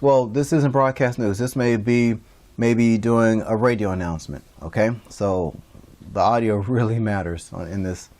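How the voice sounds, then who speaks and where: A man's voice: mid-range voice, fairly even intonation, measured pace, darkish tone. A man giving a recorded online lecture as an instructor, talking casually with many fillers and restarts.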